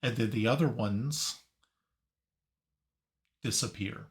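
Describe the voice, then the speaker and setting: A man narrating a tabletop game as game master, halting and searching for his words. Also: mid-range voice.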